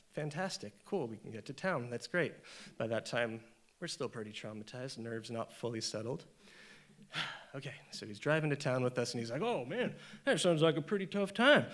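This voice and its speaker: Animated man telling a stand-up story. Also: a little high. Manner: animated, acts out voices in the story. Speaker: stand-up comedian. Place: comedy show stage.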